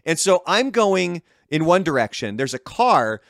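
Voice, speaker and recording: A man's voice: on the high side, sing-song, a little slow, vocal fry, dry recording, clean studio sound. A man on a podcast who rants about other drivers in a laid-back, profane way. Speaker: podcast co-host. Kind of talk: casual chat. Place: El Paso.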